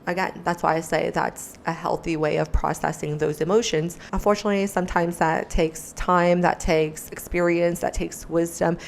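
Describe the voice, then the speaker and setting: Earnest, low-voiced woman commentator. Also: flat delivery, normal speed, creaky, hardly any pauses, a little hiss or hum. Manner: earnest, reflective, soft-spoken asides. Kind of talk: reaction commentary.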